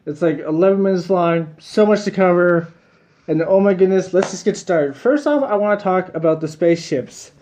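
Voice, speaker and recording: A man's voice: high-pitched, moderate pace, a little mellow. A man giving a casual, rambling video review of a cartoon episode, repeating himself and chuckling between points.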